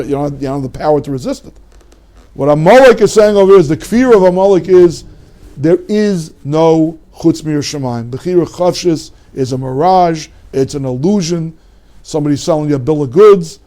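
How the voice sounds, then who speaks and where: A man's voice: sits high, mellow. A man, teaching a Torah lecture as a rabbi, emphatic and full of rhetorical questions.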